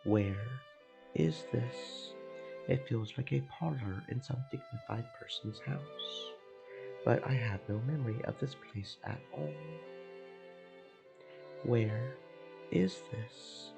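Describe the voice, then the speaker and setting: A man reading a confused young woman's lines as she wakes in a strange room, in halting, dazed questions with game music behind. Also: mid-range voice, gravelly, poor audio.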